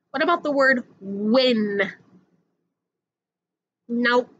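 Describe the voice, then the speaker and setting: A woman with a high, clear voice teaches young children their letter sounds, speaking slowly and drawing out each sound in a patient sing-song. The recording is a little dull, with a faint hiss behind her. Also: fairly bright tone.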